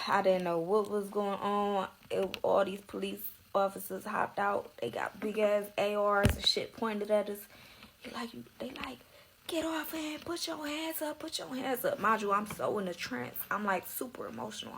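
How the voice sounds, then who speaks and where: A woman's voice: mid-range voice, normal speed, creaky, slight background noise, low-quality recording. A young woman telling her own story in a slangy, emotional way, close to tears at times. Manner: slangy, tearful, dramatic retelling.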